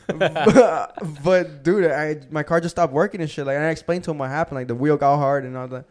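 A young man hosting a podcast, telling a profane, animated story and acting out the quotes in casual chat. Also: fairly high pitch, fast talker, hardly any pauses. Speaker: podcast host.

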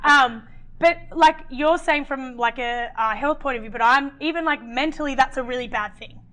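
A woman's voice: high-pitched, moderate pace, a bit bright. A woman co-hosting a podcast, chatting in a frank, rambling way and swearing freely. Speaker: podcast co-host. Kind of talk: casual chat.

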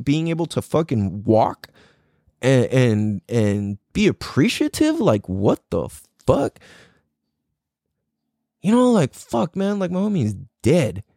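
A young man tells a personal story in loose, rambling speech, packed with swearing and fillers. His delivery is intense and emotional, and his voice sits at a middle pitch. The sound is dry and close, with no room echo. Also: darkish tone.

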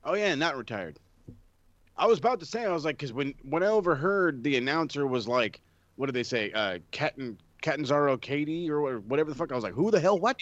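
A man's voice: a little high, lively intonation, brisk, a bit bright, dry recording. A man co-hosting a casual wrestling podcast, laid-back and swearing casually. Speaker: podcast co-host. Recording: dull, dry sound.

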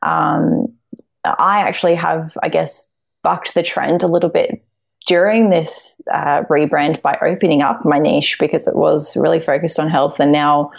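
A woman's voice: low voice, flat delivery, a little slow, creaky, lo-fi sound. A woman with an Australian accent, a food blogger guest chatting casually and encouragingly, often saying um and laughing. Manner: warm, encouraging, with frequent ums and laughs. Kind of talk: casual interview chat.

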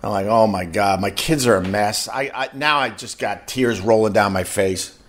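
A man's voice: on the low side, normal speed, a bit bright. Man rambling through a casual story. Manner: rambling, repeats words while telling a story. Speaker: podcast host.

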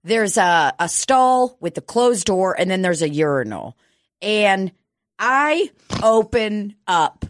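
A woman's voice: medium pitch, very animated, slow, no room sound, studio quality. A woman host telling a comedic story in casual, profane talk, laughing often and acting out quotes.

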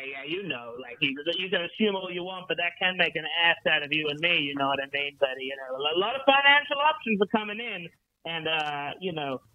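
A man voicing a brash, foul-mouthed American talent agent calling in, with loud boasts and stammering restarts. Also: fairly high pitch, no room sound, lo-fi sound, lightly acted. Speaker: caller.

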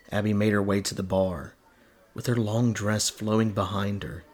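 A man narrating a dark fantasy story in a steady, descriptive reading. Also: on the low side.

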